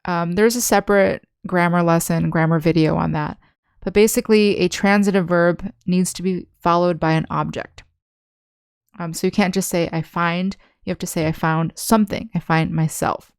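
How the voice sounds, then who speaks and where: A young woman walks learners through vocabulary, one example at a time. Her voice sits a little low, smooth and resonant, with a touch of fry. The sound is close and dry, with no room around it. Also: steady tone, dry recording. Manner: patient, explains slowly with examples. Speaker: English teacher. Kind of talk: online language lesson.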